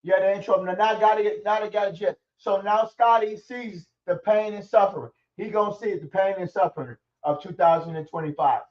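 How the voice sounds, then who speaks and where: A man's voice: high voice, fairly quick, hardly any pauses, far from the mic, lo-fi sound. A man ranting angrily and profanely about his football team on a stream. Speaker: sports commentary streamer. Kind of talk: angry sports rant.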